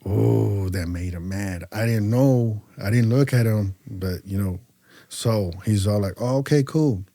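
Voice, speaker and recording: A man from California's Central Valley, a podcast guest telling his story casually, loose and animated, with lots of fillers. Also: on the low side, measured pace, gravelly, no echo.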